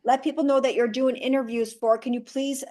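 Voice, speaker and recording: Direct, animated woman guest speaking briskly. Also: high voice. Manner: direct, animated storyteller who acts out quoted dialogue. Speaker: guest actress. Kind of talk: casual interview chat.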